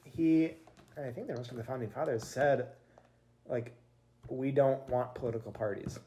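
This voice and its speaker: Woman podcast host, extremely low and mellow voice, hesitant, faint hiss. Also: normal speed. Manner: hesitant, restarts sentences, laughs often. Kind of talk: casual political chat.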